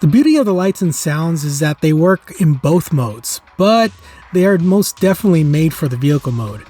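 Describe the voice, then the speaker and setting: A middle-aged man narrating a scripted toy review with earnest, nostalgic enthusiasm. His voice is somewhat husky and sits a little high for a man. Faint music plays underneath. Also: sing-song, moderate pace, dark tone. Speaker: toy reviewer, channel host.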